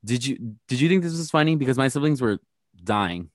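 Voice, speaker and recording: A man's voice: medium pitch, animated, fairly quick, no echo, studio quality. A man co-hosting a casual podcast, recapping a reality show with blunt, gossipy commentary. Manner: gossipy, blunt, playfully shady. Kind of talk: casual chat.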